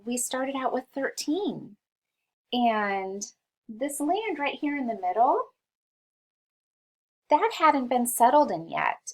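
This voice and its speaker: A woman's voice: fairly high pitch, rough recording. A woman teacher reading a history lesson aloud to children, patiently sounding out each word. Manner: slow, patient, sounds out words for young readers. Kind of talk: read-along lesson for children.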